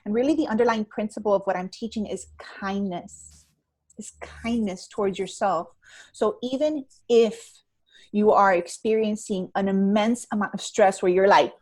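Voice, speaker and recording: A woman's voice: mid-range voice, expressive, normal speed, darkish tone. A pregnant woman in her thirties, a stress management expert, speaking expressively and acting out her own reactions in a conversational interview over a video call. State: heavily pregnant. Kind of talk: conversational interview, animated storytelling.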